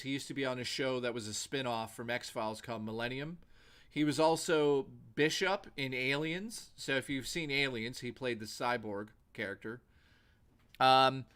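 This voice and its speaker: A man's voice: a little high, sharp tone. A male livestream host telling rambling, profane anecdotes in a casual way, with lots of "like" fillers.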